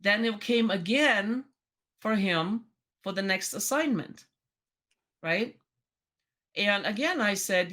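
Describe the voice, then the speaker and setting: A woman's voice: medium pitch, lively intonation, unhurried, pauses often, fairly bright tone. Woman, podcast co-host, chatty storyteller, restarts, casual. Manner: storytelling, chatty, many restarts and quoted dialogue. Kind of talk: casual chat.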